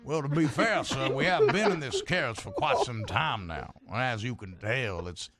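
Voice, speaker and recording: Man playing a pushy, overly polite gentleman. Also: mid-range voice, animated, moderate pace. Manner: fussy, florid politeness with stammered fillers. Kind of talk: tabletop role-play.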